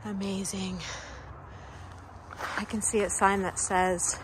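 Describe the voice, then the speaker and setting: A woman's voice: mid-range voice, level tone, slow, slight background noise. Breathless, gushing woman vlogging outdoors. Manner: gushing, exclaims often, laughs. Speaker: travel vlogger. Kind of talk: excited walking vlog. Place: outdoors in cold weather, on a street.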